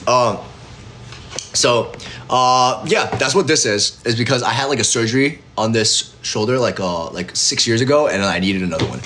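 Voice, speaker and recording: A young independent artist chats casually with fans on a phone live stream, rambling with lots of fillers and acting out both sides of his stories. His mid-range voice is pushed and bright at a moderate pace, with a little hiss or hum.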